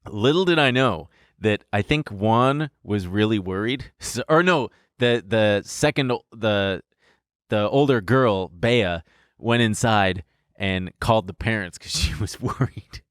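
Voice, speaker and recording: Podcast co-host, male, deep-set voice, frank and laughing as he recounts. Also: a little slow, clear, resonant tone, dry recording, clean studio sound. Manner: candid, laughs through his story, swears freely. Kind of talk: casual storytelling chat.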